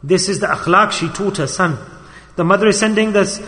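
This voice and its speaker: High, bright-voiced male preacher. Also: quick pace. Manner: storytelling preacher, switches between loud emphasis and quiet asides. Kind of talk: sermon. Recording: long hall reverb.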